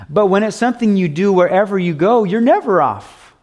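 Emphatic preaching man, slightly high voice. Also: expressive, a little fast, hardly any pauses, a little mellow. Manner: emphatic, repetitive preaching with acted asides. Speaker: pastor. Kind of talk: sermon.

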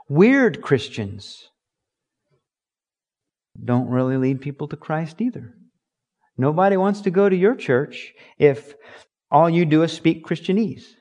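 A man's voice: medium pitch, lively intonation, slow pace, darkish tone. A man preaching a sermon as pastor, emphatic and joking, often acting out other people's voices. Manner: emphatic, jokey, slips into mock voices.

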